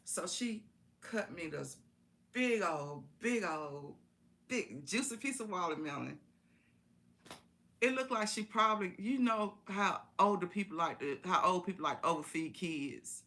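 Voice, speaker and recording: A woman's voice: on the low side, animated, unhurried, sharp tone. A woman telling a personal story in a casual, folksy way on a live stream, repeating phrases for emphasis.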